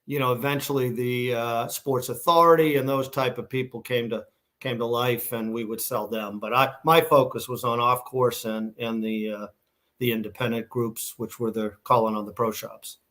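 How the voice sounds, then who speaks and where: A middle-aged shoe company founder from Massachusetts, USA, speaks with a Boston accent as a guest in a casual interview. His mid-range, slightly bright voice keeps a steady tone and moderate pace as he rambles through stories with many restarts and fillers.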